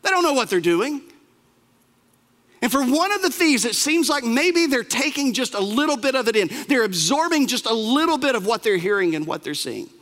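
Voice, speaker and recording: A man's voice: very high voice, lively intonation, fairly quick, few pauses, fairly bright tone. Impassioned male preacher in a reverberant hall. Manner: dramatic, impassioned storytelling. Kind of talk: sermon.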